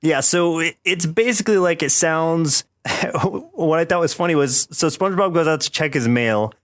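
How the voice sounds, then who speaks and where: A man's voice: on the high side, moderate pace. A man co-hosting a podcast, retelling cartoon scenes in casual chat and laughing often. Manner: animated retelling with quoted voices, laughs often. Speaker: podcast co-host.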